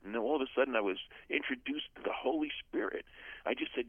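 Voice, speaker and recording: A man's voice: medium pitch, fast talker, slightly rough, dry recording. An older man from the USA, a guest author telling his personal testimony in an earnest, storytelling way. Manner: earnest storyteller, acts out quoted voices. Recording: phone-line audio.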